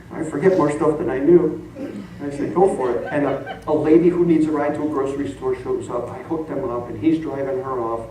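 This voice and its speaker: Man, middle-aged pastor, storytelling sermon, distant mic, faint hiss. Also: mid-range voice. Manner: animated, laughing storyteller. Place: church sanctuary. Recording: echoey hall from far off.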